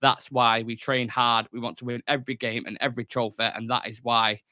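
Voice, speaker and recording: A man's voice: medium pitch, flat delivery, fairly quick, pushed and bright, dry recording, studio quality. Chatty man hosting a fan show. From England. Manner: chatty, jokey, lots of fillers. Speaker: host of a football fan channel. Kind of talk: solo news show, casual chat. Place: small studio room.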